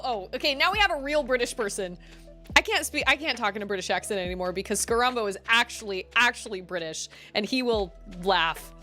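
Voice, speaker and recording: A woman's voice: a little high, lively intonation, fast talker, bright, forceful tone, faint music behind. A woman in her thirties streaming a game, chatting casually, giggly and rambling. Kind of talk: casual chat while gaming.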